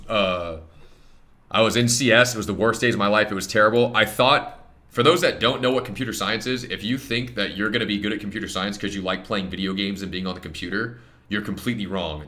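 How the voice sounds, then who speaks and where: A man's voice: on the low side, pushed and bright. A young man in his twenties, a streamer, telling a blunt, profane story in casual chat from his home setup at a desk mic.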